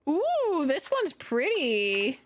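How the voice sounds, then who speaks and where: High-voiced woman streamer, chatty and sweary. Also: very slow, a little hiss or hum. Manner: animated, swears freely, laughs often; answers viewer chat while playing. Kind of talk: casual live-stream chat.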